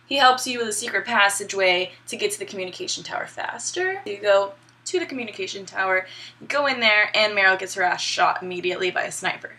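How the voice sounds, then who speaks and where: Brief: young woman vlogger, irreverent and profane, gravelly fry in the voice. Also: mid-range voice, animated, brisk, pushed and bright. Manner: irreverent, profane, laughing asides. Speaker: gaming vlogger. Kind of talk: casual story recap.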